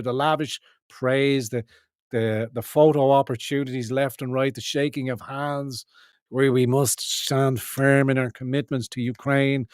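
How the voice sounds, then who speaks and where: A man's voice: mid-range voice, a little mellow, no room sound, studio quality. A man hosting a livestream, delivering rambling political commentary in an emphatic, profane way with many restarts. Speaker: livestream host.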